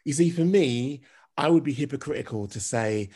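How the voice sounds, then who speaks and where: A man co-hosting a casual podcast, explaining his view in a measured, reasoned way. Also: medium pitch, animated, warm tone, breathy edge. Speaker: podcast co-host.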